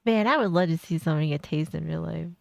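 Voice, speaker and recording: Woman streamer, sarcastic reactor, gravelly, dry close mic. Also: low-pitched, fast talker, darkish tone, no echo. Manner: blunt, sarcastic, laughs often. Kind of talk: casual reaction commentary.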